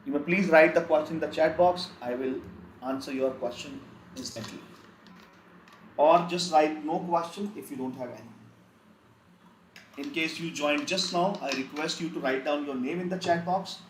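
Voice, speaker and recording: A man teaching a live online language lesson, slowly repeating example words again and again. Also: a little high, reverberant, a little hiss or hum, rough recording. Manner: slow, repetitive, drills word lists.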